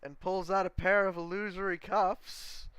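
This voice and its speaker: High, bright-voiced man running a game. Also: flat delivery, normal speed. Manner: easygoing, laughs at his own slips. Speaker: game master. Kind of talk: narrating a tabletop game.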